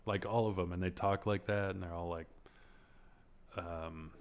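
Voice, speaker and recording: A man with a very deep, low voice holds forth as a podcast host. He rambles, swears freely and turns sarcastic, breaking into laughs as he vents. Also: steady tone, unhurried, clear, resonant tone. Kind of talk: casual movie rant.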